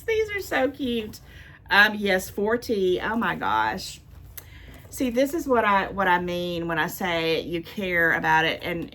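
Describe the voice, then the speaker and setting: A woman's voice: lowish voice, a bit bright. An older woman and grandmother, vlogging as she opens gifts and chats, gushing and thankful, repeating her thanks and going close to tears. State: near tears. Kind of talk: casual chatty unboxing.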